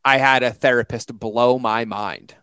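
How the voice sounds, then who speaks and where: A man in recovery chatting on a podcast, telling personal stories with lively acted-out quotes. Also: mid-range voice, a little slow, smooth, dry recording. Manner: animated storyteller, acts out quotes. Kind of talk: casual conversation.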